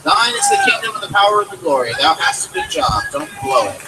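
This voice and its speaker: A man's voice: sits high, huge pitch swings, quick pace, vocal fry, over loud music, pitched above the performer's own voice, exaggerated voice. Man reading as a whining biblical complainer. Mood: aggrieved. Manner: indignant, whining in mock-biblical speech. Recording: distant mic, loud background noise.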